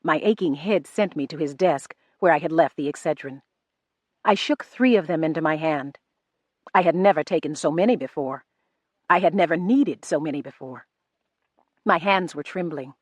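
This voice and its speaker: Low-voiced woman narrating an audiobook. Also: normal speed, dry recording. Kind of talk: first-person audiobook narration.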